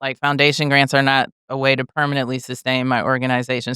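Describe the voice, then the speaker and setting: A woman's voice: rumbling low, level tone, quick pace, few pauses, pushed and bright, clear, resonant tone, dry recording, clean studio sound. A middle-aged woman speaking as a guest in a casual conversation, candid, emphatic and reflective.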